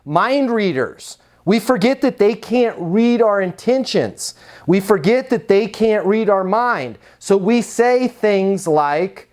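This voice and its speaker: A man's voice: high-pitched, lively intonation, slow, darkish tone. Conversational male sales coach. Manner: conversational, asks rhetorical questions, acts out quotes. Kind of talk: coaching talk and sales pitch.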